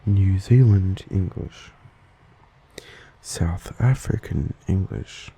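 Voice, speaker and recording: A man with an Australian accent giving a soft-spoken, slow ASMR lesson and sometimes slipping into a whisper. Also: fairly low pitch, gravelly, husky, low-quality recording. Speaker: ASMR host teaching accents.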